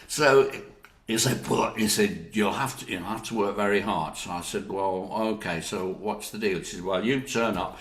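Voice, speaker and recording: This older actor, with a Northern English accent, spins anecdotal stories in an interview at a normal pace with a low-sitting voice. He laughs frequently and brings others' words to life by imitating them, all with a lively energy and roomy echo around him.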